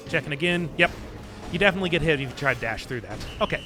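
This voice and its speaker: A man's voice: fairly high pitch, lively intonation, very fast, over music. A man streaming a video game, chatting casually and rambling with self-mocking humor. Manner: rambling, self-mocking, laughs at his own jokes. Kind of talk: casual gameplay commentary.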